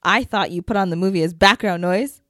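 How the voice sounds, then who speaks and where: A woman's voice: mid-range voice, brisk, bright, forceful tone, no echo, clean studio sound. A woman co-hosting a podcast, telling stories and teasing in playful casual chat. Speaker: podcast co-host.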